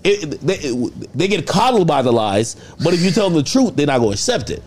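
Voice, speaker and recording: A man's voice: fairly high pitch, very animated, a little fast, darkish tone. A man hosting a casual interview, joking with his guest and challenging his stories. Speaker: podcast host.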